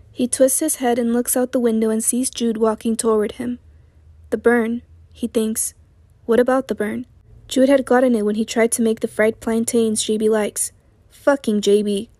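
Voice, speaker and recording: A hoarse woman reading a novel aloud as an audiobook narrator, voicing the characters' lines and raising her voice for their shouted outbursts. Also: a little high, dry recording. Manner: reads dialogue with raised, shouted outbursts.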